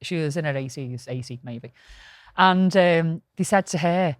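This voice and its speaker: A woman's voice: deep voice, a little slow, no room sound, clean studio sound. Chatty woman podcaster. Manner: swearing, storytelling, lively anecdotes. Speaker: podcast co-host. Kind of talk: casual podcast chat.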